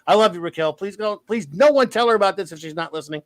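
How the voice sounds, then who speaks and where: A man's voice: high-pitched, fast talker, dry recording. A man hosting a casual live show, rambling and self-mocking in a playful way. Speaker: livestream show host. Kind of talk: casual chat.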